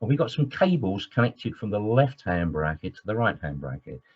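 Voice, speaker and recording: A man's voice: fairly low pitch, very animated, normal speed, breathy edge. A man teaching as an engineering trainer in a webinar lecture, enthusiastic and digressive, with many fillers. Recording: dull lo-fi webinar audio.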